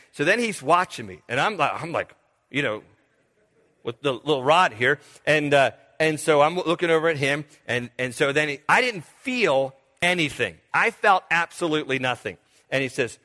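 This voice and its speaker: A man's voice: a little high, moderate pace, long reverb tail. An older man preaching a sermon, telling folksy stories and acting out what others said. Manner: folksy and animated, telling stories with quoted voices. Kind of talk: sermon with personal storytelling.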